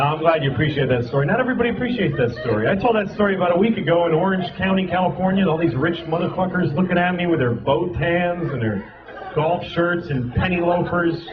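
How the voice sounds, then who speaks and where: A high-voiced male stand-up comic with a lively, swinging delivery, venting in an exasperated, profane, self-mocking way. He works a club stage on a handheld mic. Loud audience laughter and heavy live noise fill the recording. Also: muffled recording. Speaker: stand-up comedian. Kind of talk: stand-up comedy set. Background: crowd laughter.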